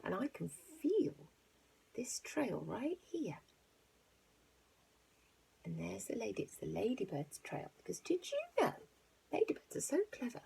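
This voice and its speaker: A teacher reading a picture book aloud to young children. She plays up the animal noises and drops into hushed asides between the lines. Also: mid-range voice, very animated, measured pace, vocal fry, long pauses, a little hiss or hum.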